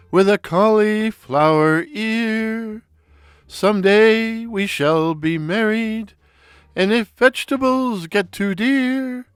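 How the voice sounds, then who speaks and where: A man doing a loud goofy Brooklyn clown. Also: dry recording, clean studio sound. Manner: loud, squeaky falsetto outbursts and stammering. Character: loud goofy stocky man, childlike and bewildered. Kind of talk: audio story reading.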